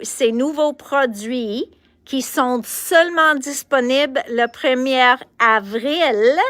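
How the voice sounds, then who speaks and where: A chipper shop host on a livestream greets viewers by name, one by one, at an unhurried pace while switching between English and French. Her fairly high voice has a fairly bright tone, recorded dry and close with no room around it.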